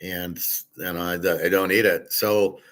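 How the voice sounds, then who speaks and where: Blunt, low-voiced man ranting casually. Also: level tone, a little slow. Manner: blunt, opinionated, swears casually; rambling with fillers, trails off quietly. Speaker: host. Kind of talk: casual monologue.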